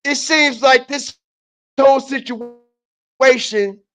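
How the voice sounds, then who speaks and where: A man streaming a heated, profane commentary who keeps repeating his points, shifting from low muttering to shouting. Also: fairly even intonation, slow. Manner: repetitive, emphatic, often repeats phrases; profane and confrontational.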